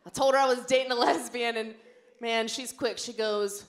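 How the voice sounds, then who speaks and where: On a big comedy club stage before a live crowd, a young woman delivers brash, bawdy stand-up, acting out the quotes in her stories. Her voice is fairly high and fairly even in intonation at a normal pace, and audience noise fills the live recording.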